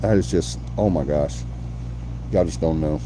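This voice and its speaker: Low, mellow man chatting. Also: a little slow, slight background noise. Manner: effusive, repeats himself, talks to the chat. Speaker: host of a live paranormal show. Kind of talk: casual live-stream chat.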